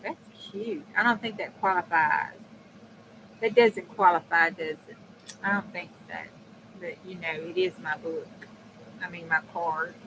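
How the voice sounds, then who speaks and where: A woman chatting casually on a crafting livestream, folksy and prone to excited laughter. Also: lowish voice, unhurried, noisy background. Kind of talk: casual live-stream chat while crafting.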